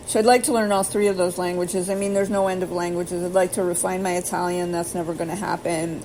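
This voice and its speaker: A woman's voice: mid-range voice, a little mellow, a little hiss or hum, poor audio. Rambling woman spelling out foreign words. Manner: rambling, self-deprecating, spells words out letter by letter; slow careful pronunciation attempts. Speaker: vlogger. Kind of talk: casual self-taught language practice.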